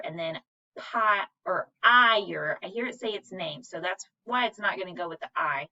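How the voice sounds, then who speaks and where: Slow, bright-voiced woman teacher sounding out words. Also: lowish voice. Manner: patient, sounds out words syllable by syllable. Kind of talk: recorded online reading lesson. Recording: dull, slightly distant recording.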